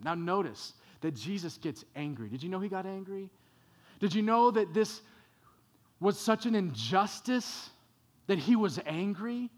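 Male pastor preaching, unhurried delivery, slightly high voice, dramatic swings from quiet to loud. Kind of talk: sermon.

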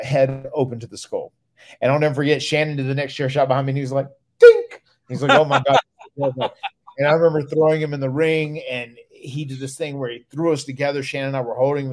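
Man telling a lively wrestling story. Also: medium pitch, quick pace. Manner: animated storyteller, loud when acting out others. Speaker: podcast host, retired wrestler. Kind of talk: casual storytelling.

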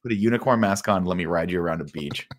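A man's voice: low-pitched, quick pace. A man co-hosting a podcast, joking crudely and swearing in casual chat. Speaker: podcast co-host.

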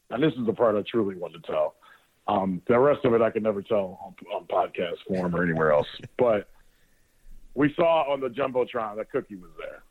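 Man telling a rambling radio story. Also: mid-range voice. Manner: rambling, profane, with frequent restarts. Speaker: sports radio host. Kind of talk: casual storytelling on air. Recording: dry, narrowband phone-like audio.

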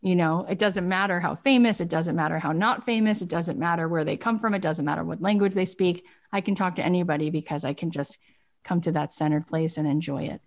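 A woman business coach on a group coaching call, talking emphatically and repeating rhetorical questions. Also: fairly low pitch.

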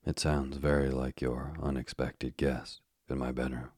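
A fussy, precise older detective, read by a man in an audiobook. The voice sits extremely deep and stays flat, with brisk, clipped phrasing. It is recorded close in a dry space with no room sound. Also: breathy edge, dry recording, heavily acted. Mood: wry. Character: Hercule Poirot, fussy older Belgian detective.

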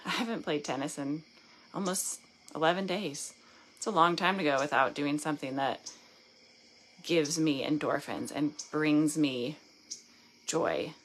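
A Southern woman with a low voice talks into a phone in a loose, candid way. She rambles and pokes fun at herself, and faint outdoor night sounds sit behind her. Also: fairly bright tone, slight background noise. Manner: candid, rambling, self-deprecating. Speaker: painting business owner guest host. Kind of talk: casual livestream talk.

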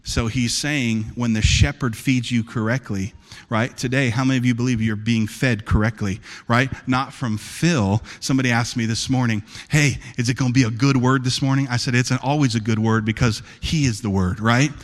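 A man preaching a sermon as pastor, calling out to his church and building to fervent shouts. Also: medium pitch, steady tone, normal speed, in a large hall. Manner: preaching, rising to fervent shouts, calls to the congregation.

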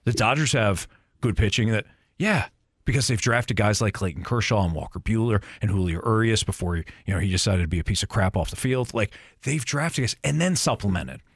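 A man's voice: fairly low pitch, animated, fairly quick, husky, no room sound, clean studio sound. A man hosting a sports talk show, arguing his points emphatically and repeating them for stress. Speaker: sports radio host.

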